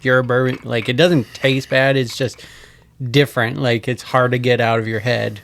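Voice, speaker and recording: A man's voice: medium pitch, little pitch movement, normal speed, creaky, a bit bright, no echo. A man co-hosting a podcast in casual chat, agreeable and chuckling often. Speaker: podcast co-host. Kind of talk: casual chat tasting a drink.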